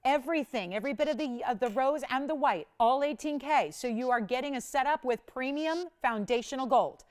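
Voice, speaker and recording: A woman hosting a live jewelry shopping show, pitching with energy and counting prices down urgently. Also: fairly quick. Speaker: shopping channel host. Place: studio.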